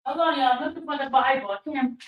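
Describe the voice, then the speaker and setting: A woman's voice: high voice, fast, dull audio. A woman host telling viewers a personal story in a chatty, rambling way, with many fillers and restarts. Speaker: YouTube host.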